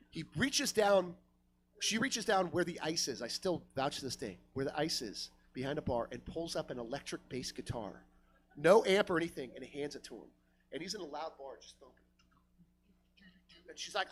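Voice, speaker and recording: A man telling a wild stand-up story on a club stage, swinging from loud to hushed and yelling in the quoted bits. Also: high-pitched. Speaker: stand-up comedian. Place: comedy club stage with live audience.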